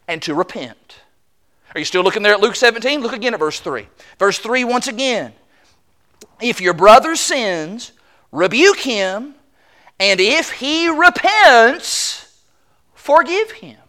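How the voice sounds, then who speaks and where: A preacher delivering a sermon with a bright, edged tone. The pitch rises and falls widely from phrase to phrase. The delivery is emphatic, and the preacher slips into voicing the people being quoted. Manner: emphatic, acts out quoted voices. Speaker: pastor.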